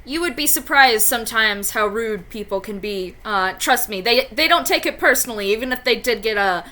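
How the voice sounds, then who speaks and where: A woman voicing a kindly, indulgent wizard teacher who talks in a doting, gently teasing way. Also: on the high side, lively intonation, moderate pace. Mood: reassuring.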